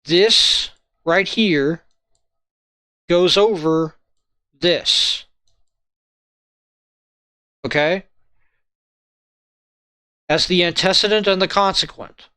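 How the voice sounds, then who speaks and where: A man walking viewers through a logic lesson in a halting way, often checking in with "right?" and "okay?". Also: sits high, pushed and bright, smooth, dry recording. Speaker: logic tutor. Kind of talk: informal lesson walkthrough.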